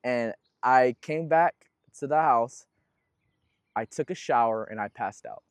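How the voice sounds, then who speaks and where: Young male guest, casual slangy storyteller, mid-pitched, very dry close sound. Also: a little slow, clean tone, no room sound. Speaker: guest musician. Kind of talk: casual interview conversation.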